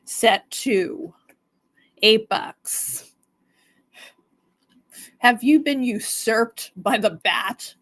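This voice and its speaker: A woman's voice: on the high side, drawn-out words, long pauses, a bit bright. A woman hosting a live stone sale stream, chatting casually and greeting viewers by name.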